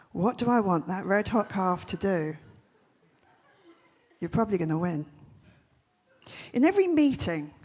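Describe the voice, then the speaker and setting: A woman giving a comic keynote talk on stage, telling punchy stories with quick, brash jokes. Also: mid-range voice, darkish tone. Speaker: festival speaker. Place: large event stage.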